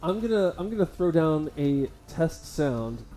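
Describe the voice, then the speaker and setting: A man running a charity game marathon, joining the couch chat with dry, deadpan ribbing. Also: on the high side, measured pace, soft background music. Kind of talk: casual couch commentary.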